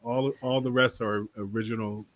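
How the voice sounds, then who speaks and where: A man's voice: mid-range voice, fairly even intonation, normal speed, no room sound. A man from Boston, an actor guest telling stories in a casual interview, rambling and laughing often.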